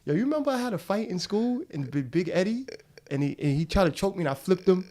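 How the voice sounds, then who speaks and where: A man, a podcast guest telling stories in lively, slangy casual talk on a studio mic. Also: sits high, fast. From Harlem, New York. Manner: animated storyteller, street slang, laughs often. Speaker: guest, actor. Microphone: studio dynamic mic.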